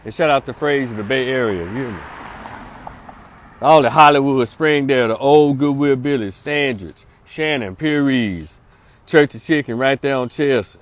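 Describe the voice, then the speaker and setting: A man's voice: medium pitch, normal speed. A middle-aged man, a social worker telling a story in a casual, slangy way that turns into preaching. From North Memphis, Tennessee. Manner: slangy, streetwise, asks listeners for agreement.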